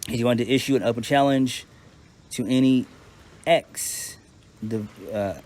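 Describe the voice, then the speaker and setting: Speaking a little slowly in a slightly mellow, medium-pitched voice, this man reviews a wrestling show. His recap is casual and unscripted, blunt and profane, and he frequently restarts sentences.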